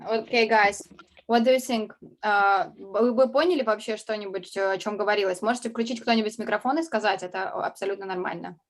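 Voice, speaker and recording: A woman's voice: mid-range voice, steady tone, brisk. A woman co-hosting an online English class, chatting casually and laughing easily. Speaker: blogger and class co-host. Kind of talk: casual chat on a video call. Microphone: video call.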